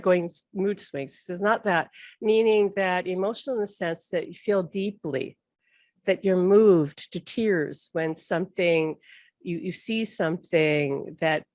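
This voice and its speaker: A woman's voice: lowish voice, darkish tone, no echo, clean studio sound. A woman hosting a casual spoken talk, rambling and chatty, laughing often and peppering her speech with "like". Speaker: host.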